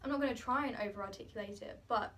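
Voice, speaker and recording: Chatty young woman, higher voice, distant. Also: fast talker, fairly bright tone, slight background noise. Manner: chatty, articulate, many "like"s. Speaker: drama student. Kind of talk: casual group discussion.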